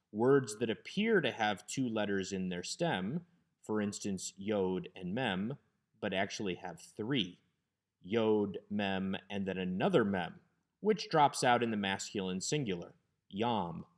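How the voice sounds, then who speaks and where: Male lecturer, slightly low voice, patient slide-lesson narration that slows on key terms. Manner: patient, explanatory, spells out terms slowly. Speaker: Hebrew teacher. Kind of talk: recorded grammar lecture.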